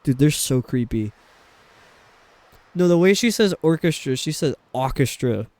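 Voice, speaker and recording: A man's voice: fairly high pitch, animated, a little slow, darkish tone, dry recording. A man from New York with a New York accent, chatting and rambling casually while streaming a game. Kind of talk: casual chat while gaming.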